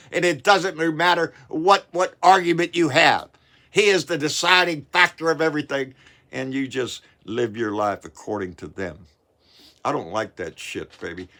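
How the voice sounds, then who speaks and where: A man's voice: fairly high pitch, bright, forceful tone. A man, ranting angrily about politics to camera, swearing, repeating himself and stumbling over his words. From Texas. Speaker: political vlogger. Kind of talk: angry political rant to camera.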